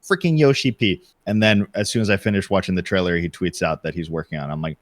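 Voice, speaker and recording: Low voiced guy on a podcast, dry mic, excitedly acting out how he reacted. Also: quick pace, no room sound. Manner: animated storytelling, acts out his own reactions. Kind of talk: casual podcast chat.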